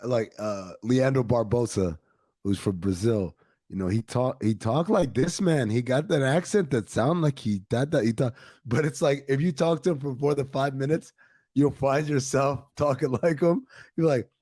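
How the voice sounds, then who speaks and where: A man's voice: medium pitch, moderate pace, dark tone, dry recording, clean studio sound. A man co-hosting a podcast, teasing his friends and laughing through casual stories. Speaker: podcast co-host.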